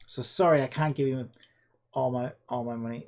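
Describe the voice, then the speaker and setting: A man's voice: medium pitch, fairly even intonation, normal speed, darkish tone. A man chatting sarcastically to himself while developing a game. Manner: rambling, sarcastic, talks to himself. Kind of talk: casual screen-recorded dev vlog.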